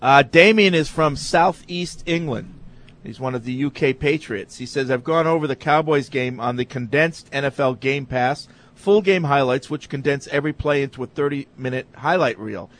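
A man co-hosting a sports talk show, reading listener emails in an easygoing, steady way. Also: mid-range voice, normal speed.

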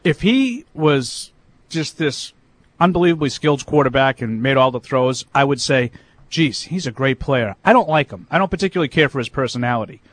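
A man's voice: mid-range voice, expressive, brisk. Opinionated man on sports talk. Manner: opinionated, argumentative, many fillers. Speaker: sports radio co-host.

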